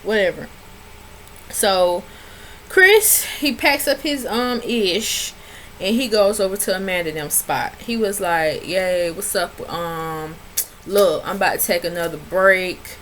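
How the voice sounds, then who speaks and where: A woman's voice: a little slow, a little hiss or hum. Sassy woman recapping reality TV. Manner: animated, sassy storytelling with big pitch jumps when quoting people. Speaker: reality TV reviewer. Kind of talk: casual recap vlog.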